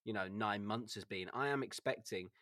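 A man's voice: lowish voice, moderate pace, pushed and bright, no room sound, studio quality. A man co-hosting a football podcast, thoughtful and hesitant, full of fillers. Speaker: podcast co-host. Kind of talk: casual chat.

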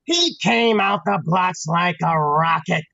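A man from Pennsylvania, a former football player and guest, telling stories in a casual, animated, slangy way with lots of restarts. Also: sits high, takes it slowly, creaky, dry recording, muffled recording. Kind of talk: casual storytelling.

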